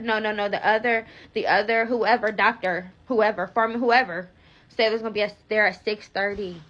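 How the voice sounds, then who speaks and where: A woman's voice: medium pitch, fairly even intonation, normal speed, a bit bright, dull audio. A young woman telling a rambling storytime, filler-heavy and swearing freely, with frequent restarts. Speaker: vlogger. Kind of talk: casual storytime vlog.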